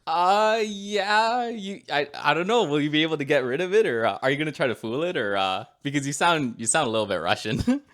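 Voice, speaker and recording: Podcast co-host: young man, easygoing and giggly, animated pitch. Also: brisk. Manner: easygoing, laughs a lot, many "like" fillers. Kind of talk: casual chat.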